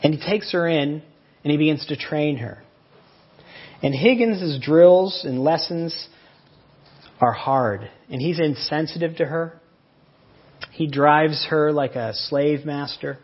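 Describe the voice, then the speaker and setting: A man's voice: a little high, slow pace, pauses often, slightly rough, lo-fi sound. A man preaching a sermon, earnestly explaining and retelling a story. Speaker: pastor.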